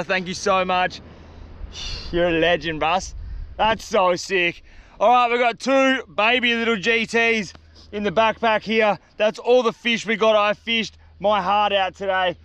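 A young Australian man with a fairly high, smooth voice talks to his camera outdoors. He is excitable and slangy, chatting straight to viewers about his day. The sound is a clear handheld camera recording. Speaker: survival vlogger. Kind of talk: casual outdoor vlog. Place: outdoors on a beach in the bush.

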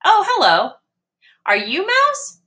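A bold little storybook kitten with a high, bright voice, as a woman puts him on. He is eager and very polite, and his voice leaps up and down. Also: wildly swooping pitch, slow, full character voice. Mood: politely eager.

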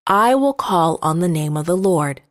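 A woman voicing an earnest, bold male prophet in a children's Bible story, in her own measured reading voice. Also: fairly low pitch, animated, natural voice.

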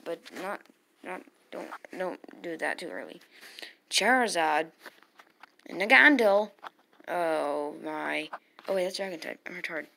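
A woman casually commentating her own game battles, muttering to herself and bursting into loud cheers. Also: sits low, fairly even intonation, normal speed, vocal fry, a little hiss or hum.

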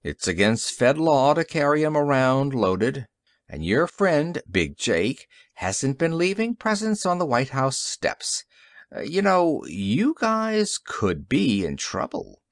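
A man voicing a bitter, gruff police detective in an audiobook story, growling and sarcastic. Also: medium pitch, sing-song, slow, no echo, studio quality. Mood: gloating.

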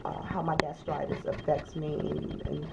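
A weary woman in pain giving a casual personal health update as a vlogger at home, soft-spoken and halting, with many ums and sighs. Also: deep voice, little pitch movement, gravelly, noisy background. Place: home, indoors.

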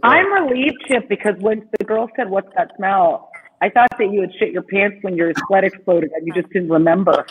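A man's voice: high-pitched, a little fast, hardly any pauses, breathy edge, long reverb tail, narrow, tinny audio. A man breaking in with jokes on a video call. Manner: joking interjections.

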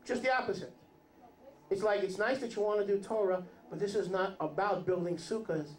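Speaking quite quickly with a high voice, this man teaches his congregation as a rabbi, keeping it chatty, cracking jokes, and quizzing the audience. It echoes like a spacious hall.

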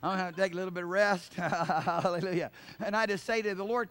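A male pastor preaching a sermon, repeating his points, laughing and saying hallelujah, and rising to loud fervent cries of prayer. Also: high-pitched, steady tone, quick pace.

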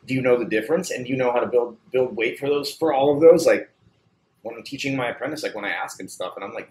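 A man who owns a barbershop, chatting casually as a guest, animated and swearing freely with lots of "like" fillers. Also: medium pitch, fast. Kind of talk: casual chat. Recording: roomy echo, faint background hum.

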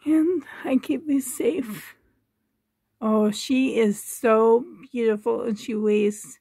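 A woman talks slowly and gently, her voice a little on the high side, recorded dry and close on a handheld camera in her bedroom. She is soft-spoken and doting, and often slips into a whisper. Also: steady tone, husky, no room sound. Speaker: doll collector vlogger. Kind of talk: casual show-and-tell chat. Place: home bedroom.

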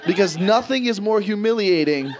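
A man in his thirties doing a stand-up comedy set, telling stories with animated, loud acted-out quotes. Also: sits high, normal speed. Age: 30s. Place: comedy stage before a live audience. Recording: live show with crowd laughter.

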